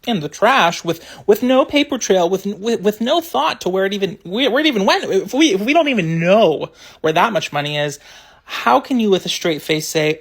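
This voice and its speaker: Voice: mid-range voice, expressive, normal speed, gravelly, breathy edge. A social media commentator delivers a passionate opinion monologue straight to camera, firing off rhetorical questions, sarcastic asides and repeated words for emphasis.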